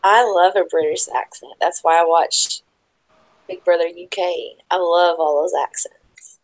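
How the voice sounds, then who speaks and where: A woman's voice: on the low side, fairly even intonation, a little slow, poor audio. A woman chatting casually on a live stream. She teases the host and laughs easily.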